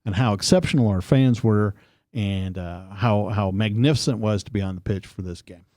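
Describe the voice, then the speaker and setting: A man co-hosting a casual political radio chat, telling stories in an animated, lively way. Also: normal speed, no echo, clean studio sound. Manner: animated storytelling, lively pitch swings. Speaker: co-host. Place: studio.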